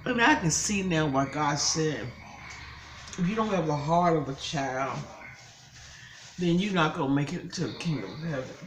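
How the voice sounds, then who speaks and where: A woman's voice: low-pitched, lively intonation, normal speed, long pauses, a little hiss or hum, low-quality recording. An older woman, a grandmother, telling an upsetting story in casual chat, tearful and angry by turns. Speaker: vlogger.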